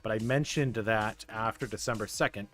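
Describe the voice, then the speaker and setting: Excitable man streaming a baseball game. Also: on the low side, moderate pace. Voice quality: excitable, stumbling restarts, laughs often. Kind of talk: casual gameplay commentary talking to chat. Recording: dry close mic with faint game music.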